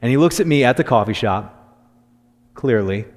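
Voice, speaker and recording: Male pastor, mid-pitched voice, conversational storytelling sermon, long church reverb. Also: moderate pace. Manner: conversational storytelling, animated when quoting. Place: church sanctuary.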